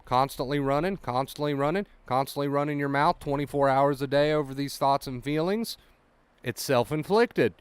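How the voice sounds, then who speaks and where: A man's voice: fairly high pitch, normal speed, smooth, dry recording. A man talking as an anxiety recovery coach, giving a blunt motivational monologue. He swears freely and repeats his points. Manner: blunt, profane, repetitive.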